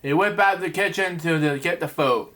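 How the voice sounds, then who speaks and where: A man's voice: a little high, brisk, background noise. A man hosting a bedtime story show, reading a children's book aloud and breaking off into rambling asides that are full of "anyway". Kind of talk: casual storybook reading with commentary.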